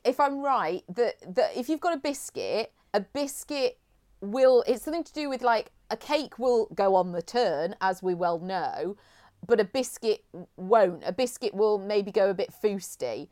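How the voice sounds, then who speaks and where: A woman co-hosting a podcast, musing aloud in a relaxed, casual chat. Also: medium pitch, unhurried. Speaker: podcast co-host.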